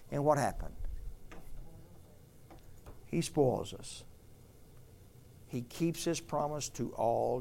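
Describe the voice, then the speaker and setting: An older man with a medium-pitched, gravelly voice preaches as a pastor. He leads the congregation in emphatic, repeated call-and-response phrases.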